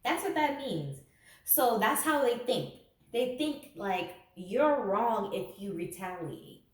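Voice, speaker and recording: A woman's voice: a little high, expressive, slow. A woman giving a casual tarot reading to camera, sarcastic and laughing often. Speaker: tarot reader. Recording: echoey room, mic at a distance.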